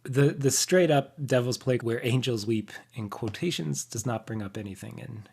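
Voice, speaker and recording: A man's voice: medium pitch, normal speed, gravelly, darkish tone, slightly rough. A man co-hosting a podcast while sick, chatting casually and self-deprecatingly with frequent laughs. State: sick with covid. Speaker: podcast co-host. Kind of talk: casual chat.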